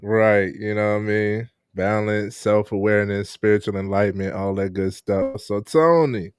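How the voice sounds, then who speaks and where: A man hosts a casual live-streamed interview, laid-back and chatting with viewers while laughing often. His voice is lowish and steady in tone, at a normal speed.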